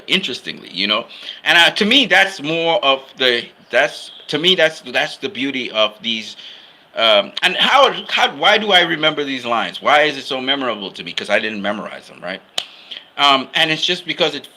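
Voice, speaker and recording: Animated man with a sharp voice. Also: mid-range voice. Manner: enthusiastic, rambling. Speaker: film fan commentator. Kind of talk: casual film commentary.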